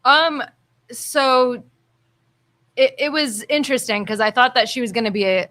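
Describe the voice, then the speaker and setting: A woman's voice: a little high, fairly even intonation, normal speed, fairly bright tone. A woman, a singer and guest on a chat show, telling an enthusiastic story. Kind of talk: casual chat.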